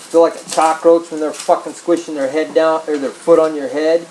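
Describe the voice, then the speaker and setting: A man's voice: on the high side, darkish tone, a little hiss or hum, low-quality recording. A man ranting angrily and profanely to camera, repeating himself as he urges people on. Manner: angry, profane, repetitive. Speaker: video blogger. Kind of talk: profane political rant to camera.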